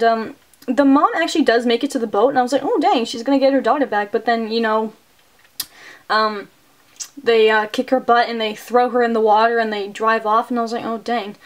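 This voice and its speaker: A woman's voice: fairly high pitch, steady tone, normal speed. A woman reviewing a movie, casually recapping the plot with lots of "like" and "um". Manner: chatty, full of "like" and "um".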